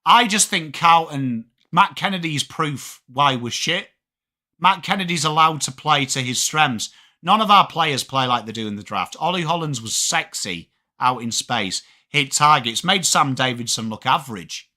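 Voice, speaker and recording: Young english guy ranting on a footy stream, bright high voice, swears a lot, calls out chat names. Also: measured pace. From England. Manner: animated, swearing, reads chat names aloud. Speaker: livestream host. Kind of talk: live sports watchalong chat.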